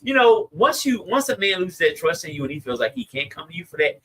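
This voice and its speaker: A man with a Southern US accent hosting a podcast, chatting casually and reading listener comments with lively, slangy delivery. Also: sits high, quick pace, poor audio. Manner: animated, laughing, Southern slang. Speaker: podcast host.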